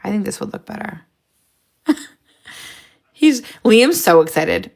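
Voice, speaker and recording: An excitable woman chats casually as she hosts a live stream, her voice carrying a gravelly edge. She hops from one idea to the next and laughs often. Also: mid-range voice, slow pace. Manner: excitable, jumps between ideas, frequent laughs.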